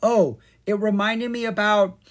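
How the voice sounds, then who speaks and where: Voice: mid-range voice, fairly even intonation, unhurried, pitched above the performer's own voice, close to an everyday voice. A reader voicing Leon, a shy, nervous young male with small wings, who stammers and hesitates. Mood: evasive.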